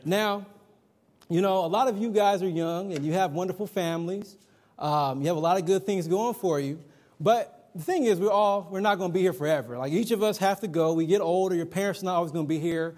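A man's voice: high voice, fairly quick, a little mellow. A middle-aged man preaching a sermon to young people, chatty and emphatic, telling personal stories. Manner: conversational, personal anecdotes, emphatic.

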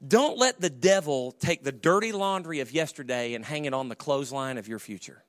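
A middle-aged man preaching a sermon, swinging from shouted, high bursts of emphasis down to hushed, quiet storytelling, often repeating and restarting his phrases. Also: animated, a little fast, hardly any pauses, no room sound, studio quality.

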